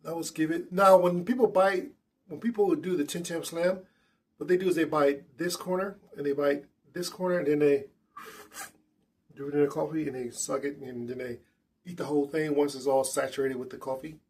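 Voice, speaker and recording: A man's voice: on the high side, fairly even intonation, normal speed, a little mellow, husky. A man hosting a casual snack tasting vlog indoors at a table, chatty and enthusiastic with loose restarts. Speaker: food vlogger.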